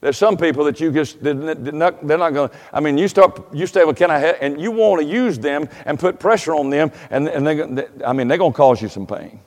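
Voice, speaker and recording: High-pitched preacher in a big church. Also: male voice, a little fast, few pauses, big-room sound. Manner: folksy storytelling, rising to loud emphatic preaching. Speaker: pastor. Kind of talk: sermon. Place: church sanctuary.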